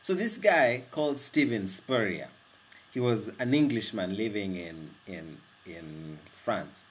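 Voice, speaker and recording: A man from Kenya talking about wine in a casual monologue, rambling and animated, often restarting his sentences. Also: fairly low pitch, slow, breathy edge. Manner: rambling, with frequent restarts and self-corrections; animated and excitable. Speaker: wine vlogger.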